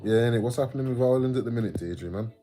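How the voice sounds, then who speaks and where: A man's voice: medium pitch, very fast, over music. A man with an English Midlands accent, rambling casually on a livestream, swearing freely and reading out viewer comments. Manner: chatty and rambling, sweary, laughs often, reads out viewer comments. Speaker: livestream host.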